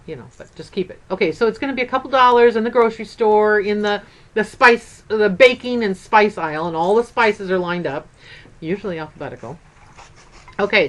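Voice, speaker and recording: A woman's voice: medium pitch, fairly bright tone. An older woman and grandmother chatting casually in a craft vlog, upbeat and rambling. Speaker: craft vlogger.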